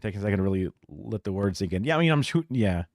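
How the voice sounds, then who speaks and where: A man's voice: fairly low pitch, expressive, rapid-fire, a little mellow, no room sound, clean studio sound. A man hosting a live reaction stream, talking casually, opinionated, swearing and chuckling. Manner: opinionated, profane rants mixed with chuckles. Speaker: livestream host. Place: home streaming setup.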